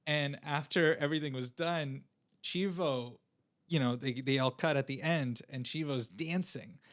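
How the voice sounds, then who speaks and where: A man's voice: on the high side, measured pace, fairly bright tone. A young man co-hosting a podcast in casual chat, rambling with lots of fillers and restarts. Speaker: podcast co-host.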